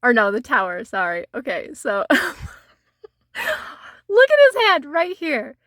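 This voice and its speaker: A woman talks in a loose, chatty way, laughing often between remarks. Her voice sits a little high and sounds bright and forceful. It is recorded dry, with almost no room sound. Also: very animated, measured pace, dry recording. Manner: giggly, laughs often while talking; chatty, many "like" fillers. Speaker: tarot vlogger. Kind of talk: casual show-and-tell chat.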